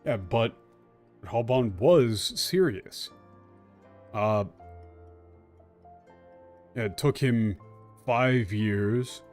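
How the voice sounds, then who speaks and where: A man in a mid-range voice chatting over a game stream, breaking down the translation as he plays. He talks animatedly, bursting into excitement and tossing out blunt, sarcastic jabs. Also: medium pitch, drawn-out words, pauses often, faint music behind. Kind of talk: casual gameplay commentary.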